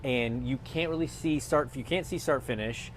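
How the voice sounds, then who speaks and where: A man in his thirties, a former race driver turned analyst, telling stories in a lively, casual interview chat. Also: medium pitch, normal speed, a little hiss or hum. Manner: animated storyteller who acts out quotes.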